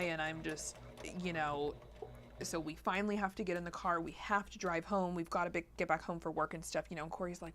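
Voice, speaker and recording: A woman vlogger chatting casually while she sews, telling a long story in a rambling, animated way with lots of "like" and "you know". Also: fairly low pitch, slight background noise. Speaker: sewing vlogger.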